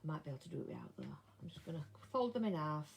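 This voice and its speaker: Older woman, low-pitched voice, chatty sewing talk, mutters to herself, sewing machine whirring behind. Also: lively intonation, rapid-fire, gravelly, slight background noise. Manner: chatty, talks to herself while she works, drops to soft mutters. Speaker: sewing vlogger. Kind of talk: casual chat while sewing. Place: home sewing room.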